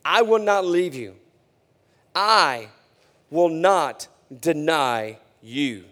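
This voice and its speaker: Picture a boastful, eager disciple swearing loyalty, his voice climbing high and insistent, as a preacher puts him on mid-sermon. The words ring out in a hall with a long trailing reverb. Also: expressive, extremely slow, fairly bright tone, full character voice.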